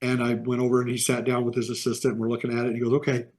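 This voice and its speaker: Over a video call, a middle-aged Midwestern animation artist tells rambling anecdotes in a casual interview, slipping into quoted voices. His mid-range voice is a little mellow, and he talks very fast with a completely flat delivery.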